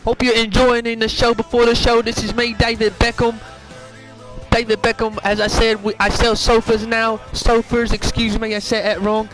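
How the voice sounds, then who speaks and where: Over faint music, a man with a very high-pitched, fairly bright voice does a comedic impression monologue of a British celebrity footballer hosting a pre-show. His delivery is flat and his speed normal, and his put-on accent drifts from Cockney to Liverpool as he rambles, goofs around and corrects himself.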